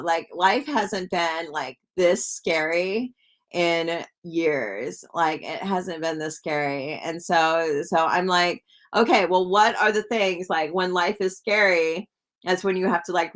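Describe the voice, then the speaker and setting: A woman's voice: fairly low pitch, fairly bright tone. A woman hosting a psychic live stream, rambling casually with lots of "like" and asking her viewers questions.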